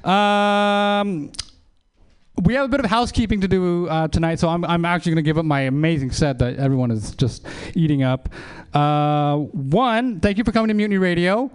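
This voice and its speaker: A man's voice: sits high, moderate pace, smooth. A man in his thirties doing a rambling, self-deprecating stand-up set and hosting a show at a small comedy venue.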